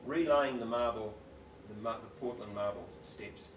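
A man's voice: mid-range voice, normal speed, slight background noise. An Australian man speaking as a guest author in a live on-stage conversation, talking enthusiastically, rambling and often breaking off mid-thought. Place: school hall before an audience. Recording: roomy and distant with faint ambience.

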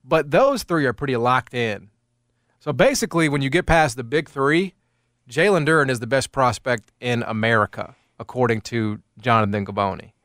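A male sports talk radio host banters casually, telling stories animatedly and packing in lots of fillers. His medium-pitched voice moves at a moderate pace, recorded cleanly in a studio with no room sound.

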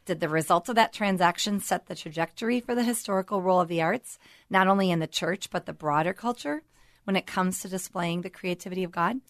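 A woman's voice: fairly low pitch, no echo, clean studio sound. A woman co-hosting a talk show, asking questions and responding with engaged affirmations. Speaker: co-host.

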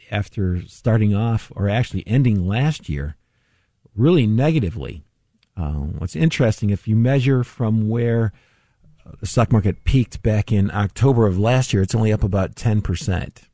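A man's voice: fairly low pitch, dark tone, no echo, clean studio sound. A male radio host with a voice he says he is losing, chatting loosely about the stock market, rambling and correcting himself as he goes. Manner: rambling, self-correcting, chuckling. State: losing his voice. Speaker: radio show host, financial adviser. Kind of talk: casual talk radio commentary.

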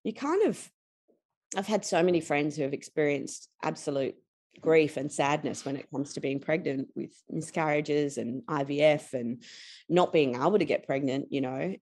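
A woman's voice: deep voice, darkish tone. A woman in her forties with an Australian accent, a podcast guest telling personal stories candidly, laughing often and acting out quotes. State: tired.

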